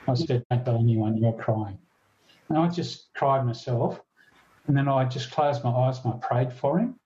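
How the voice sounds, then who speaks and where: An older man, a retired police detective telling a story in a podcast interview, earnest and halting with frequent restarts. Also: medium pitch, dark tone, dull audio. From Australia.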